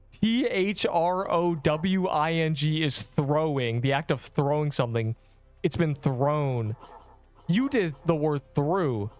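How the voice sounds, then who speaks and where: A young male game streamer with a slightly higher voice, riffing and teasing his chat in loose, sarcastic banter. Faint music plays under his talk. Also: darkish tone. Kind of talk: casual live-stream chat.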